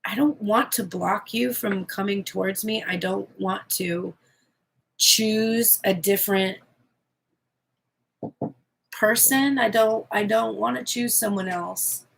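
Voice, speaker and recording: A woman giving a channeled tarot reading in a candid, expressive way, swearing freely as she speaks. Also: medium pitch, slow, gravelly, a little hiss or hum. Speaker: tarot reader.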